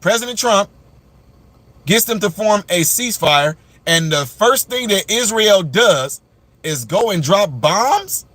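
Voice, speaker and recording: A man's voice: sits high, lively intonation, slow, fairly bright tone, no room sound. Chatty male live-stream commentator. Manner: chatty, addresses viewers directly, rants animatedly. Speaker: commentator and channel host.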